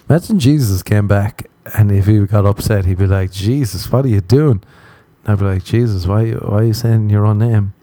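A man's voice: lowish voice, mellow, dry recording. A man hosting a podcast, telling crude, rambling stories and acting out the quotes in a casual comic monologue. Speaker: podcast host.

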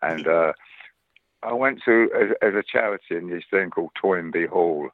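Sitting low in pitch and speaking at normal speed, an older Londoner with a Cockney accent chats casually as a guest actor. He's a lively, rambling storyteller who restarts frequently, heard through phone-quality sound with no room sound.

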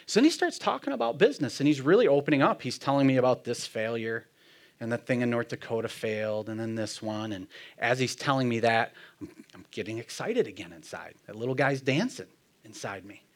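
A man shares a personal faith testimony as a story, speaking casually and earnestly in an expressive, fairly quick voice. Describing himself as hard-headed and plain-spoken, he laughs often and drops to a lowered murmur when quoting himself and his friend.

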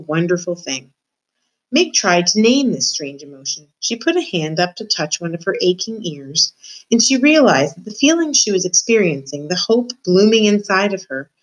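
A woman reading a children's novel aloud, in a steady, expressive storytelling voice. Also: medium pitch, rough recording. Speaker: reader.

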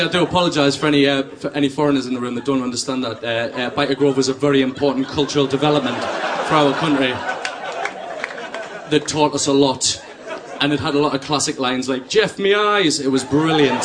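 Self-deprecating Sunderland comic, live club. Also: male voice, medium pitch. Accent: Sunderland (Mackem). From Sunderland, North East England. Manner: self-deprecating, chatty, crowd work. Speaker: stand-up comedian. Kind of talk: stand-up comedy set. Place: comedy club stage with live audience. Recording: live club recording, audience laughter, room noise.

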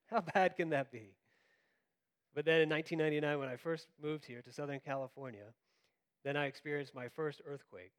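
A man who grew up in Florida, preaching a sermon as pastor and acting out quotes in an animated storytelling manner. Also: fairly high pitch.

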